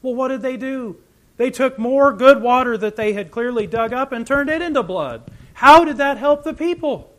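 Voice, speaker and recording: A man preaching a sermon, animated and full of rhetorical questions, swinging between loud emphasis and quiet asides. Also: extremely high pitch, normal speed.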